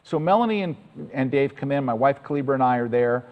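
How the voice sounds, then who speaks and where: A man's voice: medium pitch, expressive, fast talker, long reverb tail, muffled recording. A man giving a chatty, enthusiastic storytelling talk to an audience as presenter.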